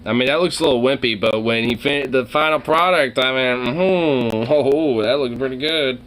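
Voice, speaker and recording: A man's voice: mid-range voice, normal speed, a bit bright, a little hiss or hum. A man casually reacting to videos, rambling, joking crudely and laughing often.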